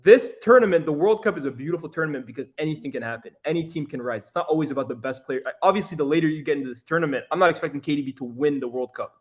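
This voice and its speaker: Man, football pundit, animated, emphatic, higher voice. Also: rapid-fire, hardly any pauses. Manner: animated, laughing, repeats points for emphasis. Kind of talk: casual football chat.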